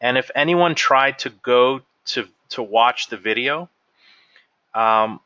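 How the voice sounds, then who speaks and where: A man leading a software training webinar, explaining settings step by step as he clicks through them. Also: medium pitch, slow pace, clean tone, no room sound. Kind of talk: screen-share software walkthrough.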